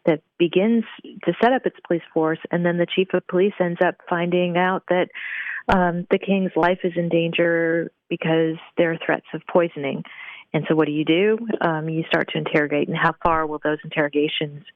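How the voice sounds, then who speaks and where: A woman guest on a radio interview who explains her ideas in a thoughtful, measured way with frequent fillers. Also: on the low side, steady tone, dry recording. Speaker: guest, professor. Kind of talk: phone interview, explaining at length. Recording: dry tinny phone line.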